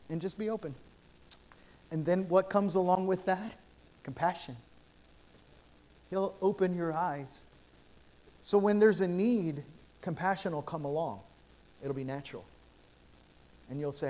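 A man's voice: on the high side, unhurried, pauses often, darkish tone, a little hiss or hum. A male pastor preaching a sermon in a church sanctuary, telling stories in an earnest, repetitive way with frequent restarts.

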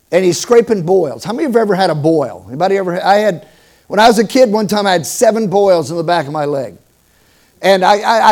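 A middle-aged man preaches a sermon in a high, light voice. He tells stories with humor and leans hard on certain words, rising loud and then dropping low. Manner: storytelling with humor, emphatic swings in loudness. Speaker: pastor.

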